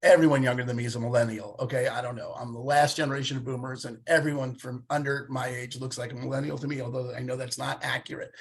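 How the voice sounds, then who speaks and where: A man's voice: medium pitch, steady tone, fast, gravelly, few pauses, slightly rough. A man in his late fifties talking in a casual podcast conversation, telling stories animatedly and acting out the voices of people he quotes. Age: 50s.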